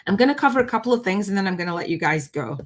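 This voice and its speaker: A woman hosting a live online coaching session in a gushing, animated way, sometimes near tears. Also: medium pitch, racing, a little hiss or hum. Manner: gushing, animated, often laughing; emotional, near tears at times. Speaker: spiritual business coach hosting a live challenge. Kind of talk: live-streamed coaching chat.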